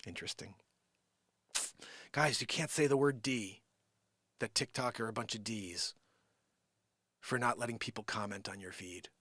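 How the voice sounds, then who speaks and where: A man hosting an improvised comedy live stream, joking and swinging between shouting and whispering. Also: on the low side, moderate pace, long pauses, no echo, studio quality.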